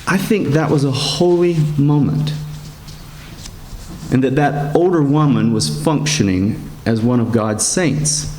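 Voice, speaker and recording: A man, a priest giving a sermon in a gentle storytelling manner, slowing down and rising in pitch for emphasis. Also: slight background noise. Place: church. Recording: echoey church sanctuary.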